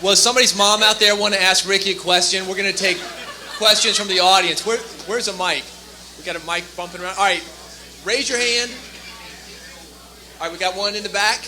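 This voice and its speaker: A man moderating a live panel, casual, with quick handoffs. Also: sits high, steady tone, crowd noise. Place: live expo panel stage.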